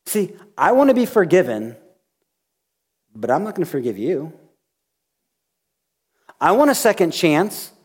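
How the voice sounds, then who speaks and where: A man's voice: sits high, measured pace, long pauses, husky. A male pastor preaching a sermon, retelling a scripture story with acted-out dialogue. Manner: animated storytelling, acting out dialogue.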